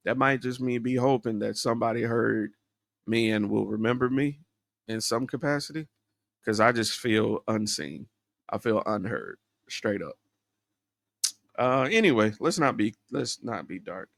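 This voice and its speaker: Man, solo podcast host, introspective rambling talk, dry close sound, fry in the voice. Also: medium pitch, dry recording. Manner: candid, introspective, rambling with fillers.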